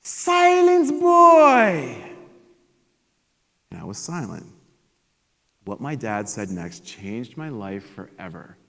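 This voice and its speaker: A man giving a motivational keynote at a conference, energetic and animated as he tells stories to the audience. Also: lowish voice, measured pace, vocal fry. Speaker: keynote speaker. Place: large conference hall. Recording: long hall reverb.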